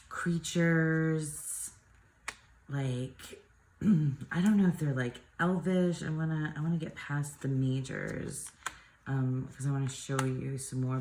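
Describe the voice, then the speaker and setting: A woman's voice: low-pitched, echoey room, a little hiss or hum. A woman chatting casually as she shows off tarot decks, rambling with lots of likes and ums and small giggles. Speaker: tarot youtuber.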